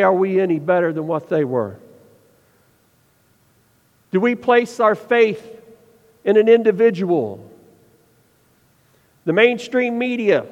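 A man preaching a sermon, asking the listeners pointed questions and slowing down to stress his points. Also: high voice. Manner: preaching with rhetorical questions and slowed emphasis. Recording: dull sound with long reverb.

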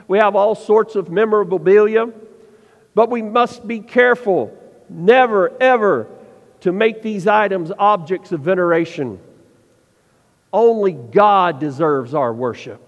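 A man preaching a sermon, asking the listeners pointed questions and slowing down to stress his points. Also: high-pitched. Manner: preaching with rhetorical questions and slowed emphasis. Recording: dull sound with long reverb.

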